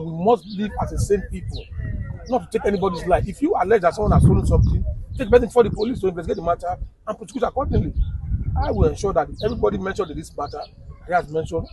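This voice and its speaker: A man's voice: high voice, very noisy. A man with a Nigerian accent, a human rights activist giving a firm statement in the field.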